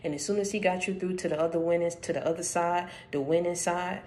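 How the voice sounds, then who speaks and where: A woman's voice: fairly low pitch, fairly even intonation, quick pace, a little mellow, slight background noise. A woman hosting her channel, giving a casual spiritual message in an emphatic, conversational way, repeating phrases for stress and speaking straight to the listener. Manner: conversational, addresses listener directly.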